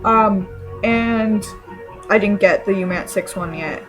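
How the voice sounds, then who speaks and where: A woman from Canada telling a story to her camera in an excited, rambling way, full of fillers and restarts. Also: medium pitch, a little slow, faint music behind, poor audio. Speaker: vlogger.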